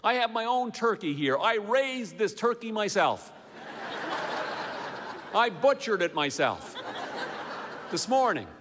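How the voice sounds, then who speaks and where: A flustered, frantic man bluffing and rambling at hotel staff, as a storyteller puts him on, his voice lively and jumping around in pitch. It rings with a long hall reverb. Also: takes it slowly, long pauses, exaggerated voice.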